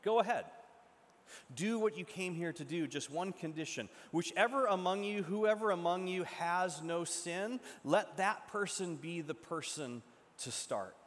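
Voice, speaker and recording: A preacher voicing Jesus, calm and commanding. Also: male voice, high-pitched, measured pace. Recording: long echo from a large hall.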